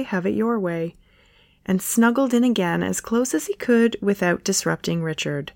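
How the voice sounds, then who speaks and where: A woman narrates a light romance story in a soft, playful voice at a middle pitch. The sound is close and dry, with no room around her. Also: vocal fry, no room sound.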